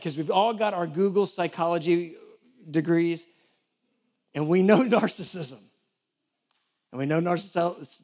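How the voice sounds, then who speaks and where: A man preaching a sermon in a conversational way, acting out little back-and-forth dialogues and often restarting his sentences. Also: a little high. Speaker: church director preaching.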